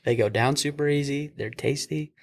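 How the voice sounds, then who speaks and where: A man's voice: mid-range voice, normal speed. A young man, a paramedic, casually telling a work story over beers, laughing and acting out the voices of the people in it. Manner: animated, acts out voices in his stories, laughs often. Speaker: paramedic podcast host.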